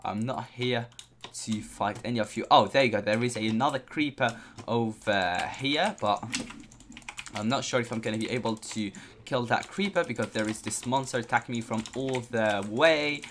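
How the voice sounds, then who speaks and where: A man giving excitable let's-play commentary on a video game, constantly exclaiming and talking to his viewers. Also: medium pitch, moderate pace, slight background noise. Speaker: gameplay commentator.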